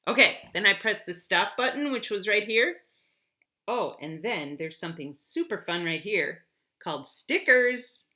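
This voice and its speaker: A woman teacher with a bright, ringing voice explains an app to students one step at a time. She talks at an ordinary pitch, in a clear, encouraging way. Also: expressive, measured pace.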